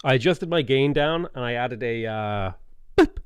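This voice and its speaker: Gamer streamer, male, animated delivery, dry close-mic sound, chatty and blunt with viewers. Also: mid-range voice, measured pace, clear, resonant tone, no echo. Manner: talks to chat, frank, swears when annoyed. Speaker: streamer playing a strategy game. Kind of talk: casual gameplay commentary. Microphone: dynamic broadcast mic a fist from the face.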